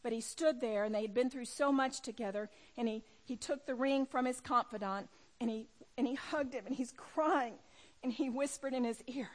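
High-pitched middle-aged lady preaching a sermon, intense, hushed one sec then loud. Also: normal speed. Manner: impassioned, swings from hushed to loud. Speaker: women's ministry speaker.

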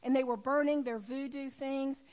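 A woman preaching a sermon to women, emphatic, swinging from loud urging to hushed prayer. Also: high voice, steady tone, moderate pace. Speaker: women's ministry speaker.

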